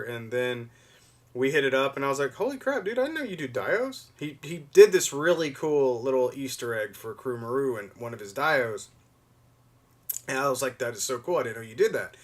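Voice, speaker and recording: A young man hosting a livestream, chatting loosely to viewers with many fillers and restarts, often gushing with excitement. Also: medium pitch. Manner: rambling, lots of fillers and restarts, gushes with excitement. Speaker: livestream host. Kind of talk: casual stream chat to viewers.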